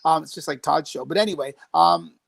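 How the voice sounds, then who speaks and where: A man's voice: a little high, brisk, vocal fry, a bit bright, a little hiss or hum. A man from Canada, a paintball park owner and guest, teasing the host in a casual video-call chat. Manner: teasing, playful.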